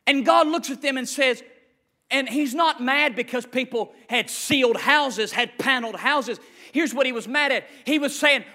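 Male pastor, very high and cutting tone, impassioned sermon delivery with loud peaks and quiet asides. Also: animated, measured pace. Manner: impassioned preaching, swings from shouting to hushed asides.

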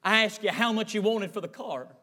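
A man's voice: high voice, fairly quick. A man voicing a tearful, determined old man talking about his long-lost car. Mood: tender. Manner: hushed, emotional, determined.

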